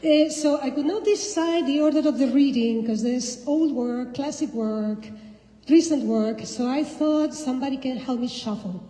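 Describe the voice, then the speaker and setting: A woman poet with a Spanish accent giving a slow, deliberate live poetry reading to an audience, her lines often trailing off softly. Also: high-pitched. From Spain. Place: indoor reading venue with an audience. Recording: echoey hall with long reverb.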